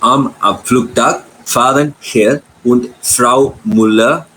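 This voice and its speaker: Slow, halting student reader. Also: male voice, medium pitch, steady tone, bright, forceful tone, slight background noise, rough recording. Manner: slow, halting, effortful reading. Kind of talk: reading aloud in a lesson.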